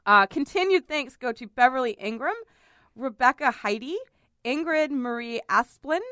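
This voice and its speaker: Woman podcast host, chatty, laughy, smooth voice, dry studio sound. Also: high-pitched, animated, moderate pace, bright, forceful tone, no echo. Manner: chatty, laughs often, apologetic. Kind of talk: casual podcast chat.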